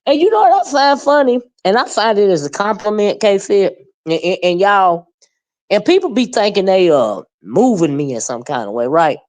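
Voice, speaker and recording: A woman's voice: medium pitch, animated, moderate pace, a little mellow. A woman in her fifties talking casually into the camera, folksy and plain-spoken, with frequent asides like "you know what I mean". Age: 50s. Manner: folksy, Southern-flavored talk with lots of "you know what I mean" and "child"; sounds older than her age, called a surly old bird by herself. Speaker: vlogger addressing a fellow creator. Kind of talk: casual monologue.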